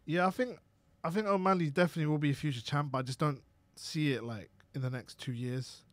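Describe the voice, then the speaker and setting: A young man co-hosting a podcast, teasing and firing quick questions in casual chat. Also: fairly high pitch, dry recording. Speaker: podcast co-host.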